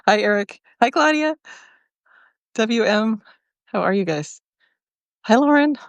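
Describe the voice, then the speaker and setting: A woman's voice: medium pitch, no echo, studio quality. A woman hosting a casual livestream from her phone outdoors in a neighborhood, chatting and laughing often as she greets viewers. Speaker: livestream host.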